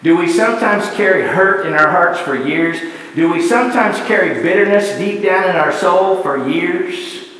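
A man's voice: high-pitched, normal speed, a bit bright. A man preaching a sermon in a church, pressing his point with repeated rhetorical questions and building lists. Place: church sanctuary. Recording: echoey church hall, distant mic.

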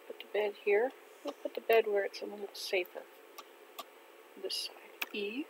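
An older woman from Canada chatting casually to herself while playing a video game, gentle and unhurried. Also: medium pitch, slight background noise, rough recording. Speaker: gaming channel host. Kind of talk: casual gameplay chat. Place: home in winter.

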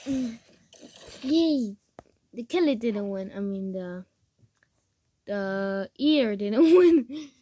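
High-voiced excitable woman gaming. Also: drawn-out words, long pauses, no room sound. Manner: excitable, gasping and giggling, frightened squeals. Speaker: gamer recording her play. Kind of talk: casual gaming commentary.

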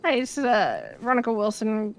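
A woman with a slightly high voice speaks haltingly, apologizing and stalling with fillers as a role-play officer. Clear car noise from the game runs behind her. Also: huge pitch swings, rough recording. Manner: hesitant, apologetic, many fillers. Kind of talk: role-play phone call.

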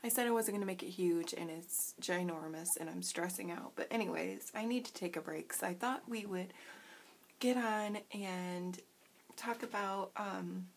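Woman, casual craft vlogger, fry-tinged voice, self-mocking and giggly, slight mouthful from a cough drop. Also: mid-range voice, normal speed, slight background noise. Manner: chatty and self-deprecating, giggles often, many ums. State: talking around a cough drop. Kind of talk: casual craft tutorial chat. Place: home at night, indoors.

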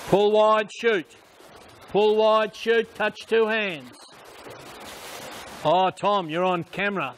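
Man, swim coach, high voice, unhurried delivery, short repeated commands, poolside. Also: fairly even intonation, a little hiss or hum. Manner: short repeated instructions and praise. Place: swimming pool.

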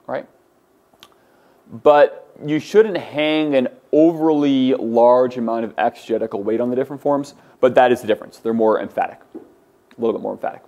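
A man's voice: mid-range voice, warm tone. A man teaching a class, patiently explaining forms and drilling his students to say words aloud. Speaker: Greek teacher. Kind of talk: classroom lecture.

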